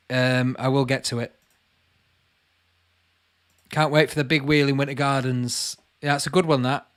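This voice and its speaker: A man in his late thirties with a Lancashire accent, hosting a relaxed livestream. His voice sits at a middling pitch. He reads out comments and answers them in a friendly, chatty way, often calling people mate. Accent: Lancashire English. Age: late 30s. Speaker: channel host answering live chat. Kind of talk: casual livestream chat.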